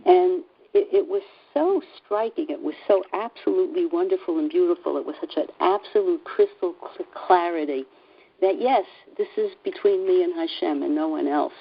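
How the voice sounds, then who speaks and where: A woman sharing a personal story in a group call, earnest and halting, with many fillers and restarts. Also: lowish voice, vocal fry, slightly rough, phone-quality sound. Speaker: class participant.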